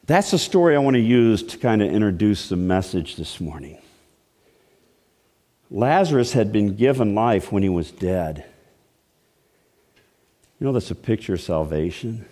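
A man pastor preaching a storytelling sermon, animated, dropping to hushed tones and rising to loud exclamations. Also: lowish voice, a little slow, pauses often. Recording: long hall reverb.

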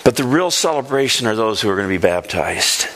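A man's voice: lowish voice, big pitch swings, a little fast, a bit bright, a little hiss or hum. A pastor preaching a sermon to his church, emphatic, repeating phrases and putting questions to the congregation. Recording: reverberant church hall.

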